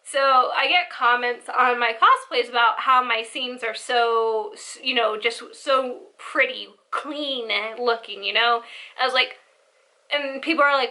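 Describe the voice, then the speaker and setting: A young woman telling a family story in a casual, animated way, acting out the voices of her relatives. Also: fairly high pitch, measured pace. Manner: animated, acts out family members' lines. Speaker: storyteller vlogger.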